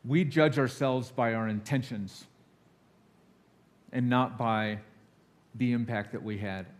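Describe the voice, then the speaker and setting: A man's voice: medium pitch, takes it slowly. Nervous man giving a candid sermon. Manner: candid, confessional, acts out quoted voices. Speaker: guest speaker. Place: church sanctuary.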